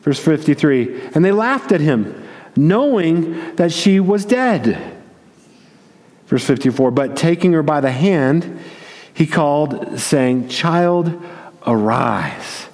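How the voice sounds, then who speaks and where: A man's voice: on the high side, lively intonation, takes it slowly, darkish tone. A man preaching a sermon, retelling a story vividly, repeating words as he goes and acting out the quotes. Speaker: pastor. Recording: long reverb of a large hall.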